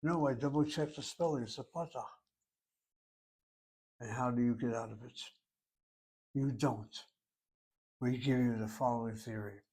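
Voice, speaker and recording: A man's voice: medium pitch, a little slow, pauses often, dark tone, breathy edge. A man teaching a recorded language lesson, working through each word aloud, step by step and methodically. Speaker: Hebrew teacher.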